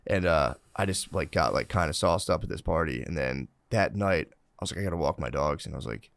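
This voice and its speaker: A man in his thirties co-hosting a podcast, telling rambling, profane stories and now and then breaking into loud yelled impressions of himself. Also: a bass voice, animated, brisk, gravelly, no echo. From Philadelphia area. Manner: profane, storytelling, bursts into yelling impressions. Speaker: podcast co-host. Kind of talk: casual chat.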